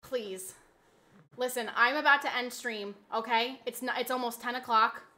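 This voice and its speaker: A woman streamer in casual live-stream chat, pleading dramatically with her viewers and swinging from soft begging to loud shouting. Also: a little high, fairly even intonation, normal speed.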